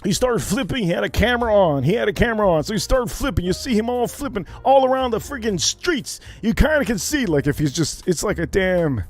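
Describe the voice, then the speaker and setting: A man hosts a casual livestream, telling a story loosely and profanely and acting out the sounds. His voice sits a little high and jumps around a lot. Faint music plays behind him. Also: a little fast, hardly any pauses. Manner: animated, profane, acts out the story. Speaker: livestream host.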